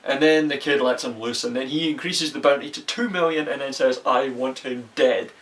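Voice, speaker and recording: A man's voice: medium pitch, a little fast, a bit bright. Profane rambling man reviewing a movie. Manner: profane, exasperated, rambling with restarts. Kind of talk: casual ranting movie review. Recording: voice a bit far from the mic.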